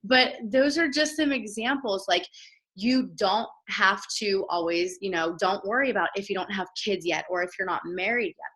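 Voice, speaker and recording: A woman's voice: mid-range voice, a bit bright, poor audio. A woman in casual, enthusiastic chat on a team call, praising and giving examples. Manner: enthusiastic, chatty.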